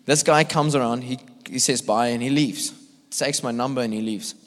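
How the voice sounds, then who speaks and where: A male evangelist from South Africa telling animated, laugh-filled stories in a sermon at church. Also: medium pitch, moderate pace. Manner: animated, acts out voices, laughs often. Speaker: visiting evangelist. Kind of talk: storytelling sermon. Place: church hall. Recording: long church hall reverb.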